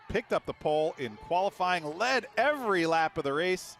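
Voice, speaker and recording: An excited male race commentator calling the action from the booth in a fairly high voice. He sounds enthusiastic and exclaims often as he hands off to the reporter below. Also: moderate pace. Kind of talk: live race broadcast commentary.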